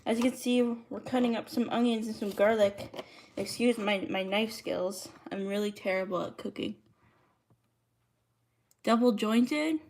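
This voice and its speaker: Livestreaming from her home kitchen through a streaming mic, a woman cooks while casually welcoming viewers and reading their chat messages out loud. Her voice is a little high and unhurried, with a darkish tone.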